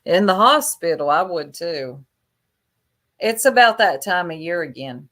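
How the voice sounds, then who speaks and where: A woman gossips on a casual livestream in a low, unhurried drawl. Her manner is chatty and catty, and she lingers over every jab. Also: expressive, fairly bright tone.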